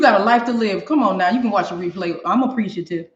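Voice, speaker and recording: A woman's voice: medium pitch, fast talker. Chatty woman hosting a kitchen stream. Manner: chatty, talks straight to viewers, laughs often. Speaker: cooking show host. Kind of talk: live-streamed cooking demo. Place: home kitchen. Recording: echoey kitchen, dull lo-fi sound.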